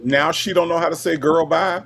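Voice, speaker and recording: A man joining a casual livestream, loud and teasing, swearing a lot. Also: fairly high pitch, steady tone, normal speed, background noise.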